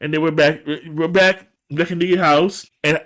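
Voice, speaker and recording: A man on a podcast couch chatting loosely about a sitcom episode, with a slightly raised voice. He keeps slipping into the characters' lines, jumping high and dropping low as he acts them out. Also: fairly even intonation, unhurried, a bit bright. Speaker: podcast co-host. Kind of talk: casual chat recapping a TV episode.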